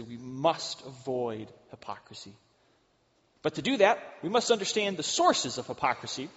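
Man preaching in an echoing hall. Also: a little high. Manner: earnest, shifting between loud emphasis and hushed asides. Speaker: pastor. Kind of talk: sermon. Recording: dull sound with long hall reverb.

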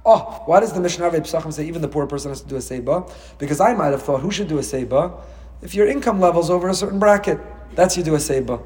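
A man teaching a Torah lecture as a rabbi, animated and acting out dialogue with sudden rises in pitch. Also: fast talker, in a large hall.

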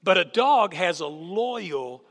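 A man's voice: sits high, expressive, slow, fairly bright tone. A man preaching a sermon as a guest speaker, telling stories with animation and putting questions to the congregation. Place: church sanctuary. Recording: long hall reverb.

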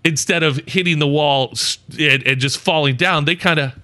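A man with a bright, fairly high voice tells a story about his own blunder on a casual podcast. He acts out the people in it with lively, self-mocking energy. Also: moderate pace. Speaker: podcast co-host.

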